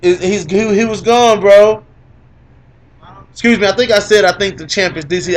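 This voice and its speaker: A man's voice: high-pitched, moderate pace, pauses often. A young man co-hosting a podcast, gloating in casual MMA talk, teasing his co-host and repeating lines for emphasis with lots of laughter.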